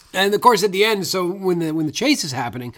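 A man's voice: high voice, a bit bright. A man co-hosting a podcast, chatting casually about an old film and acting out its lines. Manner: chatty, laughs at his own retellings. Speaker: podcast co-host.

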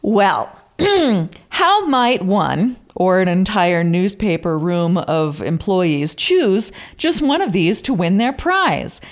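A woman's voice: mid-range voice, big pitch swings, takes it slowly. A woman co-hosting a podcast, reading old quotes aloud with theatrical flourish and amused asides in casual chat. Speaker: podcast co-host.

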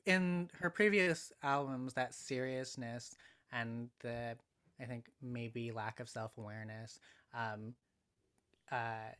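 A man appearing as a podcast guest, talking in a thoughtful, measured way with frequent pauses and ums. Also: mid-range voice, bright, forceful tone. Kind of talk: casual conversational analysis.

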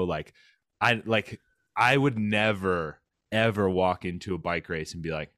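A man hosting a casual chat, retelling a story with lively quoted voices and many fillers. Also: low-pitched, measured pace, no echo, clean studio sound. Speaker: podcast host, fellow cyclist.

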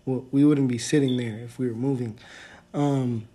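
A man's voice: mid-range voice, steady tone, moderate pace, mellow, breathy edge. A man hosting his own podcast, chatting casually and rambling with lots of fillers and self-corrections. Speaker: podcast host. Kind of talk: casual solo podcast chat.

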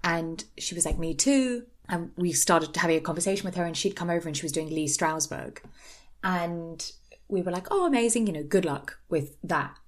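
A young British woman on a chatty podcast, her voice sitting a touch low for a woman. She tells long, animated stories in a casual, rambling way, full of asides. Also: normal speed. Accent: British English. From Britain. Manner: chatty storyteller, lively and animated. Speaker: podcast co-host. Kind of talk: casual chat.

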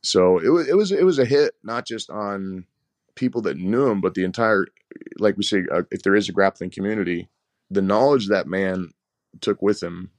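Coach guy rambling through stories, kinda low voice, dry close mic, repeats himself a lot. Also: normal speed, dry recording. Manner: animated, rambling, repeats words. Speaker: head wrestling coach. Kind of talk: casual interview storytelling.

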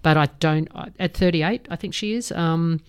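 A woman's voice: low-pitched, normal speed, clean tone. A woman co-hosting a sports podcast, giving blunt, frank verdicts in casual chat and laughing them off. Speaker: podcast co-host.

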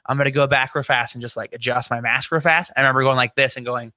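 A man's voice: medium pitch, steady tone, quick pace, pushed and bright, dry recording, dull audio. A man guesting on a podcast, telling a story casually with lots of "you know" and acted-out inner quotes. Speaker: podcast guest, scare actor.

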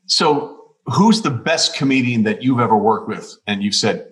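A man's voice: mid-range voice, animated, normal speed. A man interviewing a comedian in casual chat, often repeating his first words as he starts a question.

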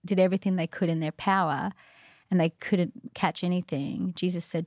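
Chatty low-voiced woman telling a story. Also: little pitch movement, fairly quick, a little mellow, no room sound, clean studio sound. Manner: chatty, many "like" and "you know"; earnest, faith-filled. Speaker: guest. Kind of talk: casual storytelling conversation.

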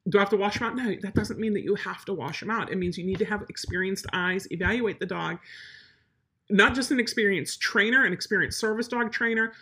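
Brief: woman dog trainer, bright forceful tone with a husky edge, no-nonsense Q&A delivery. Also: medium pitch, a little fast. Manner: blunt, emphatic, matter-of-fact. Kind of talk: live Q&A advice on dog training.

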